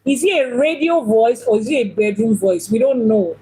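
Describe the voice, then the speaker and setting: A woman's voice: on the high side, moderate pace, dark tone, slightly rough, rough recording. A woman, a priestess and teacher, giving a teaching talk on religion. She asks questions, repeats points for emphasis and now and then mimics other people.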